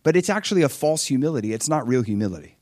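Animated preacher man, dry sound. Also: racing, no room sound. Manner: animated, acts out voices with high-pitched exclamations. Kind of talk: sermon.

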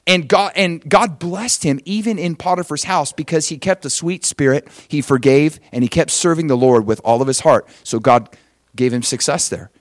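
A male pastor with a fairly high voice, preaching in a lively, storytelling way and slipping into quoted voices. The sound is close and dry, with little room. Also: no echo. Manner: animated storytelling with acted quotes. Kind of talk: sermon.

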